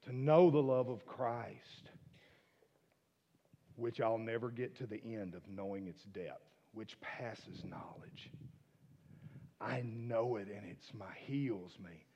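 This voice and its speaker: A man preaching a sermon, swinging from soft hushed asides to loud emphatic declarations. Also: fairly low pitch, unhurried, breathy edge, in a large hall. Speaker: pastor.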